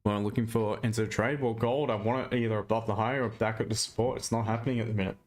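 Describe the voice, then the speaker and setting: A man's voice: fairly low pitch, steady tone, quick pace, soft background music. Blunt Australian man ranting on a stream. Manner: blunt and ranting, with mild swearing. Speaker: live trading streamer. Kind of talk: casual live-stream chat.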